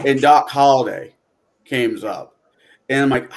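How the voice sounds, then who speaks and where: A man's voice: medium pitch, unhurried, pauses often. Rambling, reflective man on a podcast. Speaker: podcast co-host. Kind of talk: casual podcast chat.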